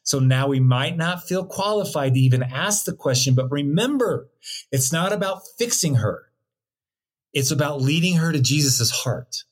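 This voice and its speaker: A man's voice: a little high, slightly rough. A middle-aged man co-hosting a casual talk on marriage, earnest and preachy with a joking streak. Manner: earnest, preachy, jokey, laughs often. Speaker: co-host teaching on marriage. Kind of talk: casual teaching chat.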